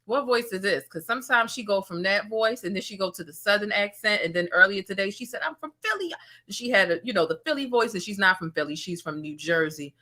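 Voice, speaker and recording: A sassy woman hosts a casual gossip commentary. She talks straight to her viewers in an animated way. Her voice is bright and forceful, at an average pitch. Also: a little fast, few pauses. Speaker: commentary channel host.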